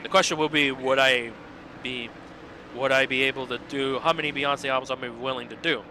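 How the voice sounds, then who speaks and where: A man giving chatty, rambling livestream commentary on his own racing game mod, with bursts of excited cheering. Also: medium pitch, normal speed, slight background noise. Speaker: game modder and streamer.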